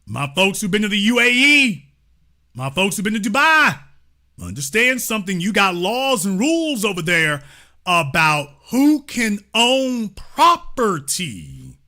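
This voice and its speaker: Male livestream host, high, lively pitch, emphatic and profane, talking straight to his chat. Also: a little slow. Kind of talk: livestream political commentary.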